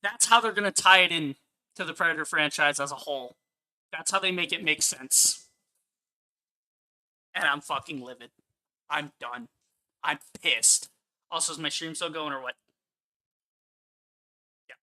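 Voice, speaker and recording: A man's voice: a little high, a little slow, long pauses, bright, forceful tone. A man ranting angrily on a live stream as he reviews a film, swearing often and repeating his points for emphasis. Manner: angry, profane ranting.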